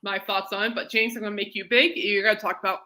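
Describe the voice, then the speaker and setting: A talkative woman hosts a casual podcast, wandering from story to story. Her voice is bright and forceful, sitting at a middle pitch for a woman. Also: fairly even intonation, quick pace. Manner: rambling, chatty storyteller. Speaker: podcast host. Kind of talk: casual chat.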